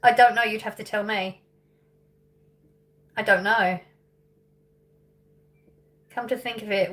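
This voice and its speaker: Bright and forceful in tone, this woman speaks at a medium pitch. She's in her thirties, from England, and is hosting a relaxed livestream chat, working through viewer questions, thinking out loud and often laughing.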